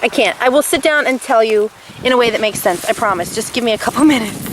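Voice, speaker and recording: A woman vlogging outdoors on a beach with a handheld camera, gushing and gasping with excitement as she talks. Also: fairly high pitch, quick pace. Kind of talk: casual vlog narration. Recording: loud wind noise outdoors. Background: wind and water.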